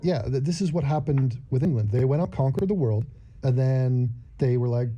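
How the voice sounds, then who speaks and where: Dark-voiced man with mocking commentary. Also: medium pitch, normal speed. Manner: mocking, jokey asides. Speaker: host reacting to clips. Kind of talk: casual sarcastic commentary.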